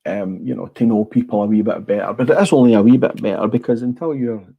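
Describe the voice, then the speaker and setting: A man's voice: lowish voice, quick pace, gravelly, breathy edge, narrow, tinny audio. A middle-aged Scottish man hosting a casual livestream, blunt and rambling, swearing freely. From Scotland. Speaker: livestream host. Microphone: small clip-on mic.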